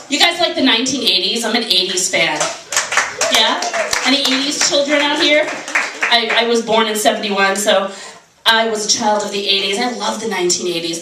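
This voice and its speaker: A woman's voice: mid-range voice, heavy background noise. A woman in her forties doing a stand-up comedy set, brash and swearing, with mock-outraged rants. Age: 40s. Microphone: handheld camera from the audience. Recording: roomy club sound from a distant camera. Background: audience laughter.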